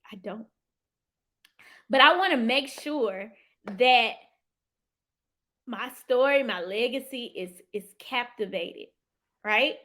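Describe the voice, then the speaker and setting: A woman hosting a motivational live stream. She talks in an animated, heartfelt way, lets out sudden whoops and calls her viewers "y'all". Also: a little high, takes it slowly, pauses often. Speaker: livestream host and financial coach.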